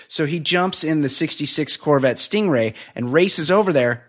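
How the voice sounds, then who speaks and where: A man's voice: a little high, expressive, moderate pace, few pauses, fairly bright tone. Chatty man recapping a movie. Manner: laughing, rambling plot recap with quoted lines. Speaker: podcast host. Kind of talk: casual movie review chat.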